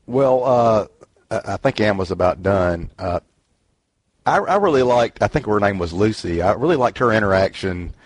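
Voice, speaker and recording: A man chatting casually in a book discussion, halting and repeating himself, often trailing off with "and stuff.". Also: fairly low pitch, expressive, breathy edge, no room sound. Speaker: book club member.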